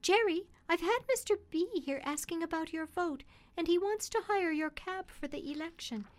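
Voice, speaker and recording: A woman reading the part of a cab driver's wife, speaking eagerly and higher. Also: moderate pace. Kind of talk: reading a children's classic on radio.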